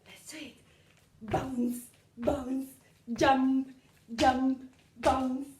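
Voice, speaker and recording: Brief: woman as a chirpy kangaroo for kids, high and unhurried, in an echoey room. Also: little pitch movement, darkish tone, slight background noise. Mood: cheerful. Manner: chirpy, chanting bounce words. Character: cheerful bouncy female kangaroo. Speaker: children's centre worker. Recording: roomy echo.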